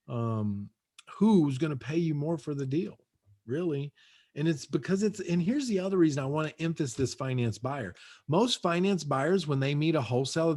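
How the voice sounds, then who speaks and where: A man's voice: on the high side, a little mellow. A man speaking from his home over a video call, giving a punchy, repetitive motivational talk as a guest real estate coach. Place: his own house.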